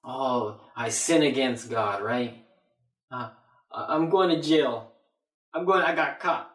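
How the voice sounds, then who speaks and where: A man's voice: mid-range voice, slow pace, a bit bright, recorded from a distance. A man voicing a desperate repentant sinner who begs and stammers, in a roomy echo. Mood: pleading. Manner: begging, stammering.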